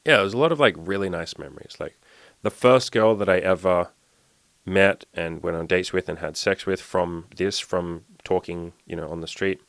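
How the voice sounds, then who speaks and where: A man's voice: deep voice, moderate pace, a bit bright, no echo. A young man, a dating and self-improvement coach, telling a story in a loose, rambling way full of "like" fillers. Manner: rambling, heavy use of "like" fillers. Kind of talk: casual storytelling monologue.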